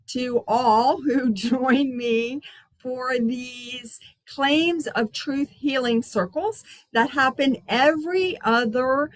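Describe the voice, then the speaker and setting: A woman hosting a spiritual healing circle over a video call from her outdoor patio, talking in a gentle, unhurried, chatty way. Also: on the high side, rough recording.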